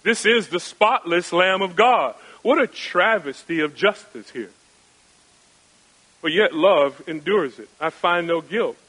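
A male pastor preaching with a bright, forceful and fairly high voice. He builds his sermon on rhetorical questions and emphatic repetition, and his delivery swings between raised and hushed passages. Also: animated, a little slow, rough recording. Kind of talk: expository sermon.

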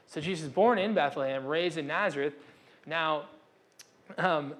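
Young male pastor, casual conversational sermon, slightly higher voice, self-interrupting, acts out the dialogue. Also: normal speed, fairly bright tone.

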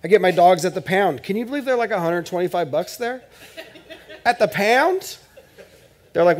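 A man with a somewhat high voice delivers a sermon in a church. He talks to the congregation like friends, mixing jokes with earnest appeals. He swings between loud bursts and hushed asides. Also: animated, normal speed, pauses often. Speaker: pastor.

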